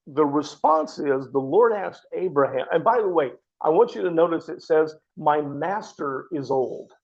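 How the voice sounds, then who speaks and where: A man's voice: a little high, vocal fry, darkish tone, slightly rough, highs cut off. A man teaching a Bible study class, earnest and explanatory, often restarting his sentences. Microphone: microphone.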